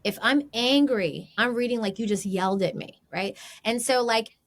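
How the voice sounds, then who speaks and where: A woman guest on a podcast giving casual marriage advice in an animated way, acting out quoted remarks. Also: fairly high pitch, moderate pace.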